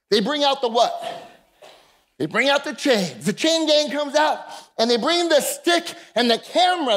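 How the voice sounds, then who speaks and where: Very high-voiced impassioned male preacher. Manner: impassioned preaching, bursts of shouting, calls to the congregation. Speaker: pastor. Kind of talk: sermon. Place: church service with a congregation.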